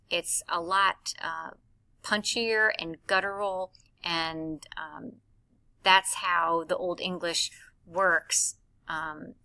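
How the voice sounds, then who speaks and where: A woman's voice: lowish voice, bright, forceful tone. A woman teacher recording a lesson for her class, explaining step by step and reading verse aloud with heavy stress on the beats.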